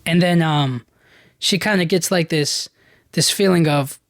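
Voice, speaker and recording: A man's voice: on the high side, unhurried, a bit bright, no echo, clean studio sound. A young man hosting a podcast, retelling a film in loose casual chat, full of "like" and "you know". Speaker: podcast host.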